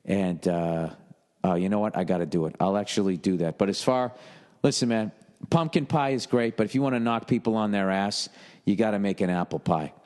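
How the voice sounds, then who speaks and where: A man in his forties riffs through a comedy podcast, swearing freely and wandering from one joke to the next. His voice sits on the low side, and the recording carries a long, lingering reverb. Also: a little fast. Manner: profane, rambling, jokey, lapses into mock yelling. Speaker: podcast host reading and answering listener emails. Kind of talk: rambling comedic podcast monologue.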